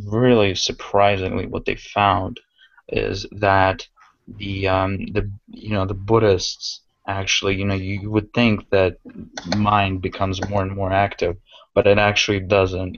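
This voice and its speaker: A man's voice: sits low, gravelly, no room sound, dull audio. A man hosting a casual podcast conversation, talking hesitantly with many fillers and restarts.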